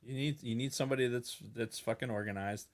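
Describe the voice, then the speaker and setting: A man's voice: mid-range voice, quick pace. Emphatic swearing podcast co-host man. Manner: animated, emphatic, swears often. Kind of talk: casual chat.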